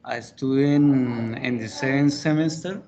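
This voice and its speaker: A man, a student speaking hesitantly in English with many pauses. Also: mid-range voice, darkish tone. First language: Spanish. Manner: halting, hesitant, many fillers. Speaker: language student.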